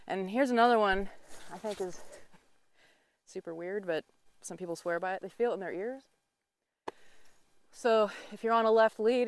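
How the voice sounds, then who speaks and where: A woman's voice: mid-range voice, no room sound. A woman riding instructor teaching while she rides a horse outdoors in the wind, coaching in a teasing, encouraging way.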